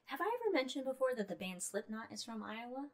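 A woman co-hosts a podcast in a casual chat, playful and chatty with plenty of fillers. Her voice is a little high and quick-paced.

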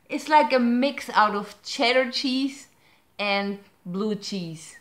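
German-accented woman, blunt and teasing, slightly high voice, roomy echo. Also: takes it slowly, fairly bright tone. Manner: blunt, teasing, sometimes broken grammar. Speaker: co-host of a couple's channel. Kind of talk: casual couple banter.

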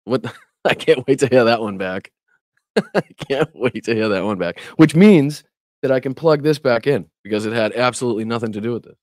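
A man's voice: medium pitch, brisk, a little mellow, no echo, clean studio sound. A man hosting a casual political livestream who talks straight to his chat, laughs often and swears when annoyed. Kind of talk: casual live-stream commentary.

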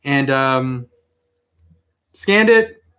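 A man hosting a toy collecting show, telling stories in a casual, chatty way, with animated reactions when he quotes himself. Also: mid-range voice, extremely slow. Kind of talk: casual live-stream chat.

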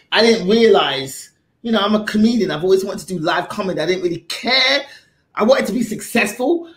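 A woman's voice: medium pitch, roomy sound. A woman comedian from Africa, chatting casually as a guest and laughing often. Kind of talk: casual chat.

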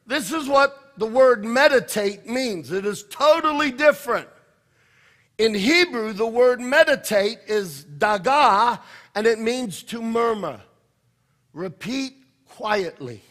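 Male pastor, emphatic sermon delivery; slow and deliberate, bright edge to the voice. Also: sits high. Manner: emphatic preaching, swings from quiet to shouting.

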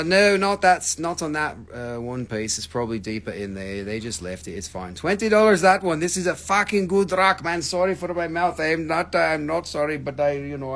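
A man hosting a live stream where he sells rocks, gushing excitably over each stone, swearing freely and bantering with viewers. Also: medium pitch, creaky, slight background noise. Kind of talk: live sales stream chat.

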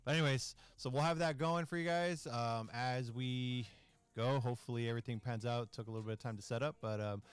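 A man's voice: medium pitch, fairly even intonation, brisk, clear, resonant tone, soft background music. A man co-hosting a gaming stream, rambling and joking in loose casual chat, swearing freely and laughing often. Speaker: co-host and gamer.

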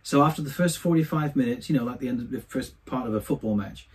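A man, a singer, being interviewed and telling anecdotes from his career in a chatty, animated way. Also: mid-range voice, quick pace, husky. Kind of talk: casual storytelling.

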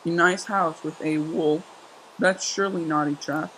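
A young man giving casual, excitable commentary while he plays a survival game, exclaiming and joking sarcastically. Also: a little high, unhurried, a little hiss or hum, poor audio. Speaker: gameplay commentator.

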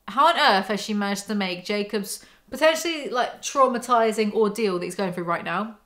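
Sarcastic woman, book recap host, bright edgy tone. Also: mid-range voice, normal speed, few pauses. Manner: sarcastic, mocking asides. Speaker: book commentary YouTuber. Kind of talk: casual snarky book recap.

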